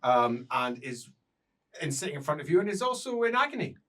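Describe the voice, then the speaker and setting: A man's voice: a little high, very animated, brisk, a bit bright, far from the mic. A man narrating as game master in a tabletop role-playing game, playful and often laughing.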